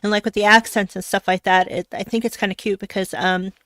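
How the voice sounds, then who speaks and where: A woman host from Florida chats casually, giggling often and filling pauses with little fillers. Her voice sits mid-pitch and close to the mic, dry, with no room around it. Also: flat delivery, fairly bright tone, no echo. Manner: giggly, uses many fillers. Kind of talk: casual interview chat.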